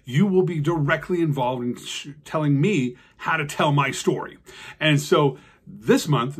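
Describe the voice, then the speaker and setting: A man telling a children's story as a host, animated and acting out sound effects. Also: fairly high pitch, slightly rough.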